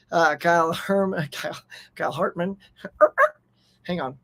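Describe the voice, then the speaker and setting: A man's voice: on the high side, slow pace, pauses often, a bit bright. A man with an American accent hosting a live pop culture stream, chatting casually, reading out viewer names and laughing often. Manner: upbeat, chatty, laughs often, reads chat aloud.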